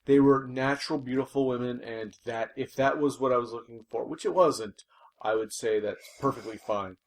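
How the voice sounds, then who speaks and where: A man's voice: medium pitch, moderate pace. A man co-hosting a casual movie review podcast, playful and goofy with wry asides. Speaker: podcast co-host.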